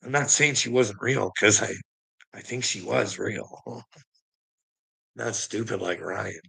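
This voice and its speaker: Gravelly, husky man in a profane rant. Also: lowish voice, slow, pushed and bright. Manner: rambling, profane, laughs often. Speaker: vlogger.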